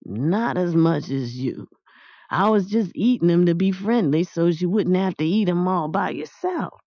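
A woman's voice: lowish voice, lively intonation, unhurried, no echo. A woman voicing a grizzled, shy old man who works at a park, talking hesitantly with folksy, ungrammatical speech, in a dull, dry recording. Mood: gruff.

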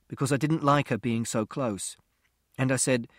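A man's voice: medium pitch, big pitch swings, normal speed, no echo, clean studio sound. A man narrating a first-person audiobook in a plain, literal, detail-listing way.

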